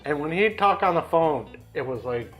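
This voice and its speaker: A man's voice: a little high, expressive, moderate pace, fairly bright tone, faint music behind. A man co-hosting a casual whiskey chat at home, joking around and slipping into silly accents. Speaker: co-host of a whiskey show.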